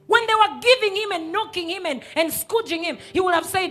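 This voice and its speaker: A woman pastor, preaching a sermon emphatically and sometimes rising to a shout. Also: very high voice, brisk, hardly any pauses, soft background music. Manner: emphatic, rises to shouts and acts out quoted voices.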